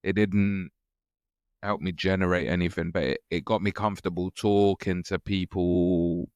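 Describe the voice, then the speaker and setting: Laid-back low-voiced man. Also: fairly even intonation, moderate pace, darkish tone, clean tone, no echo, studio quality. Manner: laid-back, joking, self-mocking. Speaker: stand-up comedian guest. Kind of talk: casual podcast chat.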